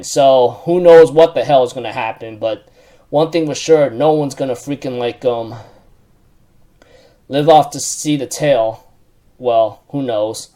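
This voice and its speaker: A man's voice: medium pitch, a little mellow. Rambling male manga recap vlogger. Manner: rambling, many fillers and self-corrections. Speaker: manga recap channel host.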